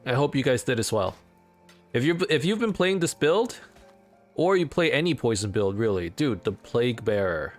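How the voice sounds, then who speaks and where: A man hosting a let's play, casually commenting on his game in an excitable, rambling way. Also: medium pitch, normal speed, soft background music.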